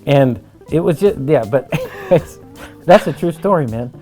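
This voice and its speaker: A middle-aged man from Los Angeles spins a wild tale over whiskey, his fairly high voice jumping all over the place. He swears freely and laughs through the telling, with faint music underneath. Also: measured pace. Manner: animated, profane, laughing storyteller. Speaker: guest. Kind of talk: casual storytelling over drinks.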